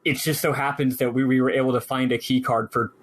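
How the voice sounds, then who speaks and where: A man co-hosting a podcast, chatting casually about a video game in a rambling, animated way with lots of fillers. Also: mid-range voice, quick pace. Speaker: podcast co-host.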